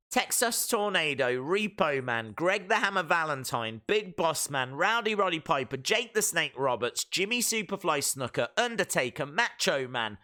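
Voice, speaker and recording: A man with a somewhat high voice hosts a live reaction stream, thinking out loud and chatting with his viewers in a casual, excited way.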